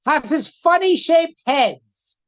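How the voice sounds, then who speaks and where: A man voicing a loud young male prankster who taunts and shouts insults in a story. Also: very high-pitched, animated, takes it slowly, no room sound, muffled recording, voice pushed up, heavily acted. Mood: taunting.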